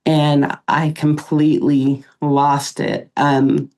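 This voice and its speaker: This middle-aged woman speaks low and warm with a level tone. As a podcast guest in an emotional interview, she recounts events haltingly, with many pauses and fillers.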